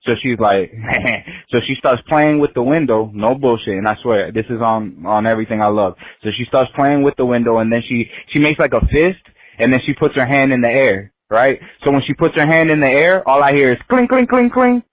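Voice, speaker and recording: A man telling a story on a podcast in a casual, animated, profane way, often breaking into laughter. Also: medium pitch, brisk, hardly any pauses, low-quality recording. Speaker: podcast guest.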